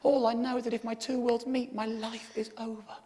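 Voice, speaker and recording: High-voiced sweary comedian. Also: male voice, little pitch movement, fairly quick, mellow. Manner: sweary, heavy profanity. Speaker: stand-up comedian. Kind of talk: stand-up comedy storytelling. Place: stage in front of a live audience.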